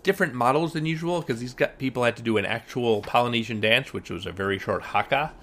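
A man's voice: mid-range voice, fast talker, bright, forceful tone. A man co-hosting a casual podcast chat, recapping TV shows with wry, rambling asides and frequent restarts. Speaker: podcast co-host.

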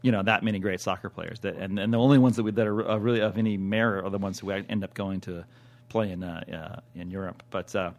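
Rambling American podcast co-host. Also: male voice, low voice, steady tone, quick pace. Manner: rambling, many fillers and restarts, laughs easily. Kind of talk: casual chat.

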